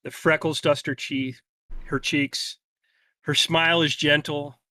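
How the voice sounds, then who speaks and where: A man running a tabletop game, narrating a vision in slow, deliberate, dramatic storytelling. His voice sits a little high and sounds bright, recorded dry and close. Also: level tone, dry recording. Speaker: game master.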